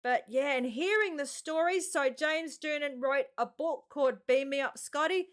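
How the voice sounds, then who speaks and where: An excitable Australian woman hosting a reaction video, chatting casually and exclaiming often. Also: sits high, moderate pace.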